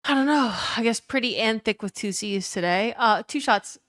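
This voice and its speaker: Fast-talking woman streaming. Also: fairly high pitch, fairly bright tone, dry recording, clean studio sound. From Louisiana. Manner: fast-talking, swears freely, greets chatters. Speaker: livestreamer. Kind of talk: casual live-stream chat. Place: home room.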